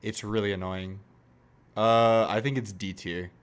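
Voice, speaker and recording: A young man streaming, reacting in casual commentary, animated, laughing and swearing as he mocks gamer voices. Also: lowish voice, measured pace, smooth.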